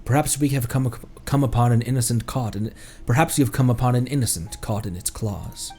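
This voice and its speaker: A man's voice: medium pitch, fairly quick, darkish tone, breathy edge, soft background music. A man live-streaming a game in casual commentary, goofy and jokey, laughing at his own puns and reading in-game lore aloud.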